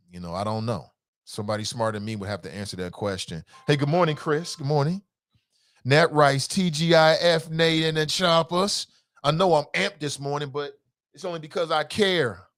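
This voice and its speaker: A man with a Cincinnati accent hosts a solo talk show with a voice pitched a bit high. He sounds impassioned and a little profane, getting loud one moment and dropping to muttered asides the next. He reads listener comments between his rants.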